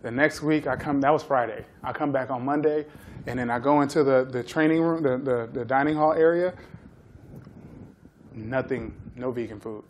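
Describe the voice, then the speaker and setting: A man in his thirties giving a talk, telling a lively story and acting out the people in it. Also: medium pitch, normal speed, a little hiss or hum. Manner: animated storyteller acting out quotes. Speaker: guest speaker.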